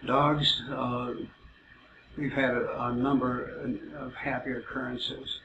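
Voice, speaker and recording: A man telling rambling personal stories in a halting way, full of "uh" fillers. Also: mid-range voice, little pitch movement. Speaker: self-described psychic telling stories. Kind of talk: casual storytelling. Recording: roomy, muffled, noisy amateur recording.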